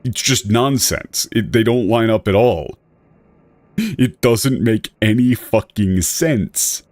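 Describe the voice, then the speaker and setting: A man's voice: on the low side, slow, a little mellow, dry recording. A male streamer giving rambling, self-correcting casual commentary with an exasperated edge.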